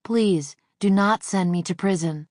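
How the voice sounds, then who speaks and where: A woman's voice: medium pitch, unhurried, darkish tone, dry recording, studio quality, close to an everyday voice. A meek pleading man on the stand, read by a woman. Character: trembling, pleading male witness near tears. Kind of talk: scripted audiobook narration.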